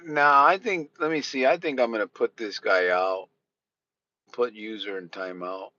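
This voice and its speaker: Speaking unhurriedly in a lowish, sharp-toned voice, a man with a Connecticut accent hosts a live podcast stream. He rambles casually and bluntly, often starting over, in dull lo-fi audio with faint noise.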